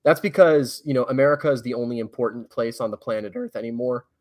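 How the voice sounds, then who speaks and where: A man's voice: mid-range voice, quick pace, darkish tone. A man talking casually on a podcast, rambling and correcting himself, blunt and swearing. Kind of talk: casual conversation.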